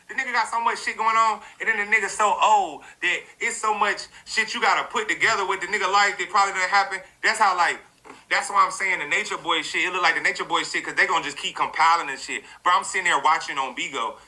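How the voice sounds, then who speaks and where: A man ranting in a profane, rambling social media commentary, animated and full of fillers. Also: high-pitched, fast talker, low-quality recording.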